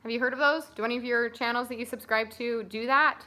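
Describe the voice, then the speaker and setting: Young woman, bright voice, chatty, livestream co-host, casual talk. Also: on the high side, steady tone, quick pace. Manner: chatty, answers viewer questions, gives audition tips. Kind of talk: casual live-stream chat.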